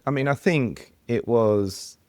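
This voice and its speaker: A man's voice: mid-range voice, takes it slowly, mellow, no room sound. A man co-hosting a podcast, chatting casually and flippantly, laughing often. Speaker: podcast co-host. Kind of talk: casual chat.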